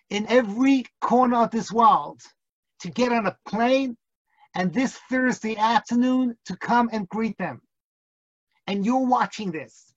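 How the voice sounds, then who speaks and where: A man's voice: very high-pitched, husky, no echo. A man teaching an online class as a rabbi, telling a vivid, suspenseful story and breaking into funny put-on accents. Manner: vivid, builds suspense, hams up national accents for laughs. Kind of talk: dramatic storytelling lecture. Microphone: video call. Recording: dull lo-fi video call audio.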